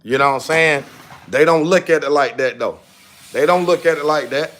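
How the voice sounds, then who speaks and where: A man's voice: a little high, moderate pace, fairly bright tone. A man hosting a livestream, talking straight to his viewers in slang and often asking "you know what I'm saying". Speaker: livestream host. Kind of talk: casual livestream commentary.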